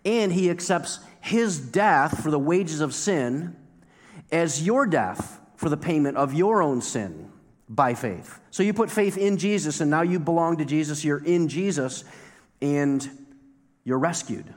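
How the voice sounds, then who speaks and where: A man preaching a sermon in a relaxed, conversational manner, circling back to hammer his points through repetition. His voice sits a little higher than most men's. It rings out with a long reverb, as in a large church hall. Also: a little slow. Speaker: pastor.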